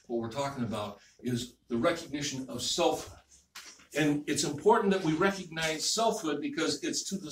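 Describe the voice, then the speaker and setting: A male minister giving a sermon in a relaxed, conversational way, repeating phrases and checking in with the congregation. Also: a little high. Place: church hall. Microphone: distant room mic. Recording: echoey hall, distant mic, faint noise.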